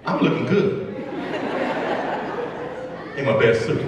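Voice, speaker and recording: A man telling a story in a keynote speech to educators, animated and repetitive, building emphasis with each line. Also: mid-range voice, takes it slowly, very noisy. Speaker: motivational speaker to educators. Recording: echoey hall, mic far off.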